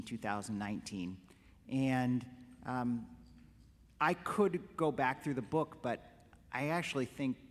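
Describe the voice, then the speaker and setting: A man, a rabbi, giving a conversational lecture to a congregation and telling jokes in an animated way. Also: mid-range voice, big-room sound. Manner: animated storyteller, conversational with restarts.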